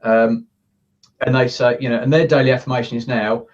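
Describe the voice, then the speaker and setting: Here a guest coach chats casually about how he coaches, earnestly acting out the thoughts he cites in other voices. He talks at a slightly brisk pace in a mid-range voice, positioned away from the microphone in his office, so the recording sounds muffled and flat.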